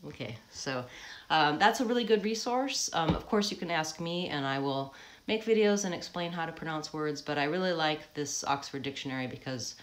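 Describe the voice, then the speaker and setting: An American woman who coaches accents, giving a live pronunciation lesson, explaining patiently and modeling words slowly with frequent ums. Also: sits low, lively intonation, slight background noise.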